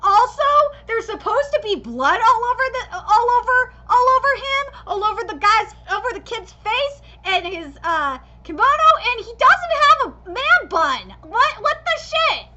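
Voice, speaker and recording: A woman's voice: very high-pitched, sing-song, moderate pace, hardly any pauses, pushed and bright, lo-fi sound, a little hiss or hum. A woman giving live reaction commentary as a streamer, critiquing passionately with lots of swearing. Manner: passionate, profane ranting critique.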